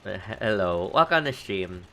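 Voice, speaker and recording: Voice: low-pitched, animated, moderate pace, a bit bright, slight background noise. A streamer from the Philippines with a Filipino accent, chatting casually and thinking aloud while building in a game.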